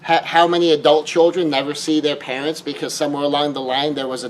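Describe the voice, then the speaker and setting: A man's voice: on the high side, fairly even intonation, fast, few pauses, a little hiss or hum, rough recording. A man lecturing on grief in an emphatic way, repeating key phrases and asking the listener rhetorical questions. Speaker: grief speaker.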